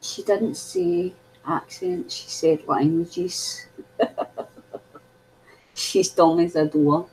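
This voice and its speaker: A woman's voice: lowish voice, fairly even intonation, drawn-out words, pauses often, darkish tone, slight background noise, low-quality recording. A woman with a Scottish accent chatting casually on a video call, laughing often and teasing about how words are said. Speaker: craft livestream co-host. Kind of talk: casual chat.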